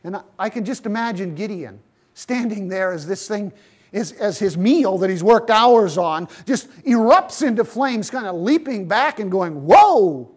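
A man's voice: high-pitched, expressive, normal speed. A man preaching a sermon, retelling a Bible story and speaking to his listeners as friends. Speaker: pastor.

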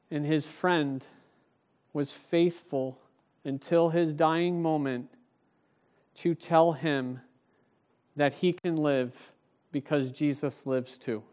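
A man's voice: fairly high pitch, darkish tone. A man preaching a sermon, retelling a story and driving home each point with emphasis. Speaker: pastor.

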